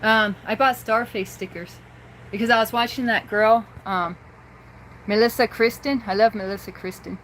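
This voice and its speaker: A woman's voice: a little high, fairly even intonation, moderate pace, a bit bright. Woman rambling on her phone livestream, lots of giggles, talking to chat, bit of faint hiss behind. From rural area near Boise, Idaho. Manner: chatty and rambling, laughs often. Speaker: livestream host. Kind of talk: casual livestream chat with viewers. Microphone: handheld phone.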